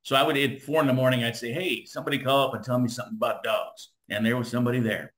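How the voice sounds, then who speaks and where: A middle-aged former radio DJ from Southern California tells stories as an interview guest, his mid-range voice racing along. He's animated and casual, acting out the voices of the people in his tales.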